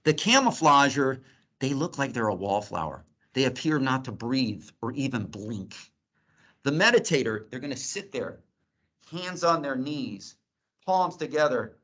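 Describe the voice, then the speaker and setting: A middle-aged man lecturing at grand rounds as a physician. His delivery is lively and laced with humor. He sits at an ordinary pitch for a man. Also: unhurried. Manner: lively, joking teaching tone.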